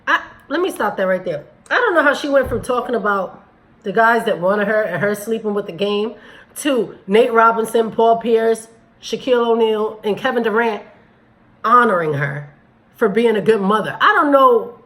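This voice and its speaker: In a rough recording, a woman with a slightly high, somewhat bright voice hosts casual commentary on a video clip at a moderate pace. She talks to her viewers directly in an everyday voice, blunt and critical.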